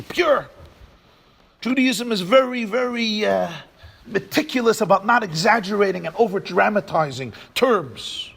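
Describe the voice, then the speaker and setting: A man preaches a memorial sermon earnestly, pressing his points with rhetorical questions. His voice is high and very lively in pitch. It has a husky edge. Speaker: rabbi. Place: community campus hall.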